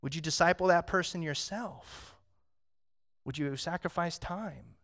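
A man's voice: a little high, unhurried. Conversational male pastor preaching a sermon. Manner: conversational, storytelling, swings from hushed to loud.

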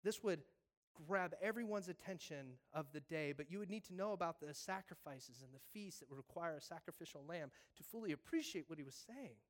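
A man's voice: fairly high pitch, animated, fairly quick. A man preaching a sermon in a casual way, acting out the voices of biblical figures. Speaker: pastor.

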